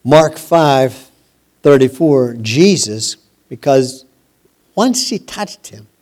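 A male preacher delivers a sermon at an unhurried pace. His voice is warm and dark in tone, with emphatic repetition and phrases that trail off quietly. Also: mid-range voice, animated. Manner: slow, emphatic preaching with repeated phrases and dropping voice.

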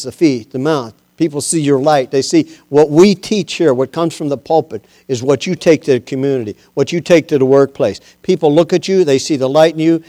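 A man preaching as pastor of his church, moving from low conversational talk to loud, impassioned exhortation. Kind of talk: sermon.

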